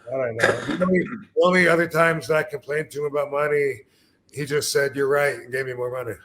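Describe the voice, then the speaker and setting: A man's voice: mid-range voice, brisk, fairly bright tone, slight background noise. A man hosting a podcast, casually recounting an old complaint about pay in a loose, rambling way. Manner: loose, rambling recollection with fillers and laughs. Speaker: podcast host. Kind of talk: casual chat interview.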